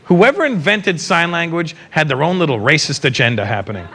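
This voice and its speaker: A man doing live stand-up comedy on stage, teasing the audience in an animated way. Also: fairly high pitch, a little fast. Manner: animated, teasing crowd work.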